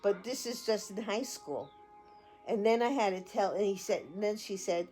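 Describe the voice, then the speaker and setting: A woman's voice: mid-range voice, moderate pace, a little mellow, soft background music. An older grandmother telling a story in casual chat, rambling and stringing it together with "and then I said" while acting out what people said. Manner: rambling, repeats "and then I said", acts out quotes.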